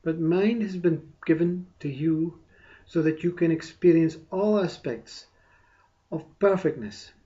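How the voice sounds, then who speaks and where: A man giving a meditative spiritual talk, soft and unhurried, with long pauses and a repeated "you see". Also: a little high, lo-fi sound. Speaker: spiritual teacher.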